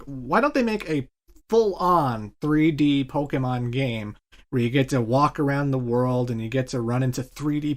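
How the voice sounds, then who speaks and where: A man in his thirties, co-host of a casual podcast. He rambles through his points with eager, boyish enthusiasm, and his voice sits at an ordinary middle pitch. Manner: enthusiastic, rambling gamer talk. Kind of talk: casual chat.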